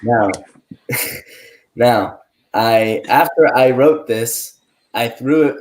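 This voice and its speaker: A man's voice: medium pitch, extremely slow, a little hiss or hum. Teen guy telling a story, casual. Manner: animated, acts out quoted adults in his story. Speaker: podcast co-host.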